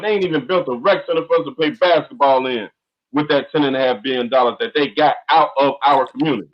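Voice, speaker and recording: A man's voice: medium pitch, fast. Impassioned man on a lo-fi call. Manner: fiery, repetitive, emphatic outbursts. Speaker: speaker on an online call. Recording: dull lo-fi online call audio.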